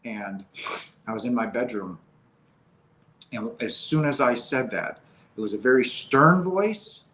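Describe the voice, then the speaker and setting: A man speaking as an interview guest, telling a personal story in an earnest, halting, emotional way. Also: medium pitch, expressive, fairly bright tone, a little hiss or hum, rough recording.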